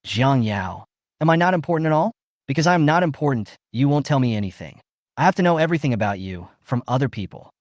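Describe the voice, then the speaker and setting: A man's voice: mid-range voice, animated, fast, no room sound, clean studio sound, close to an everyday voice. A man reading the lines of a lazy, proud young man who is hurt and protective, in a comic recap. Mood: aggrieved.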